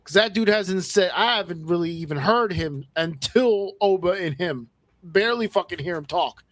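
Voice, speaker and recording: A man's voice: high-pitched, moderate pace, dry recording. A man co-hosting a podcast in casual chat, giving blunt opinions with heavy swearing. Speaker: podcast co-host.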